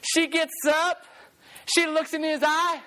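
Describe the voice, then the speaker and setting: A preacher with a high voice tells a story in a sermon. The delivery is animated, and key phrases are repeated for emphasis. Lines of song slip into the telling. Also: takes it slowly.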